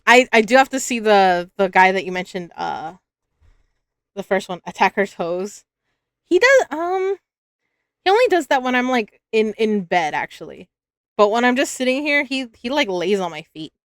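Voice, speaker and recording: A woman's voice: medium pitch, sing-song, normal speed, no echo. Chatty young woman streamer, scratchy throat. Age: 20s. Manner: chatty and giggly, with trailing restarts. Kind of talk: casual live-stream chat.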